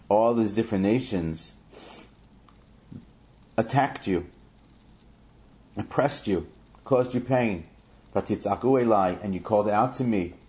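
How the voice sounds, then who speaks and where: A man's voice: on the low side, a little mellow. A man teaching a verse-by-verse Bible class, chanting each Hebrew verse and then explaining it in English. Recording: dull lo-fi recording.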